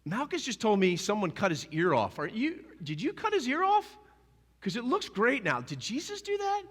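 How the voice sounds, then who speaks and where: A nosy male servant jumps in with a squeaky, high voice, firing off rapid, prying questions, as a preacher puts him on. The sound rings with the long reverb of a big hall. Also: wildly swooping pitch, a bit bright, heavily acted.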